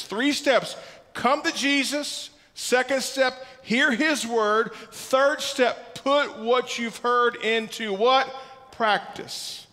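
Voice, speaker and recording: A man's voice: extremely high pitch, slow pace, pushed and bright. A man preaching a sermon as pastor, emphatic, repeating key words and asking the congregation questions. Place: church sanctuary. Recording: church hall reverb.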